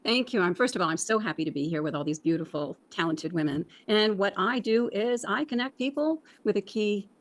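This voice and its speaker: A woman on a video call speaks with gushing gratitude at a middle pitch. She talks in an upbeat, sociable way. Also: animated, fairly quick, hardly any pauses. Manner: warm, gushing thanks. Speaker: guest, networking event host.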